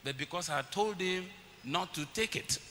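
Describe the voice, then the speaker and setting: Pastor preaching in a reverberant church. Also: male voice, sits high, expressive, moderate pace, bright, forceful tone. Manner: storytelling, acts out his children's voices. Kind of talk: sermon. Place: church hall. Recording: long church reverb, faint hiss.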